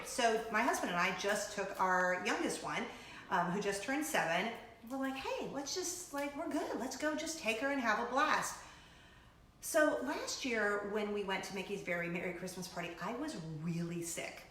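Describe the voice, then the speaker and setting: A middle-aged woman hosting a casual chat show, talking in a bubbly, gushing way with excited asides. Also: medium pitch, roomy sound. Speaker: host.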